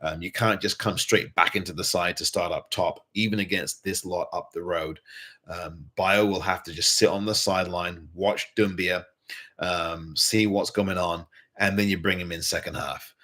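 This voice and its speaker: A man's voice: low-pitched, fairly even intonation, normal speed, pushed and bright. A man hosting a fan show, giving earnest post-match commentary and repeating points for emphasis. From England.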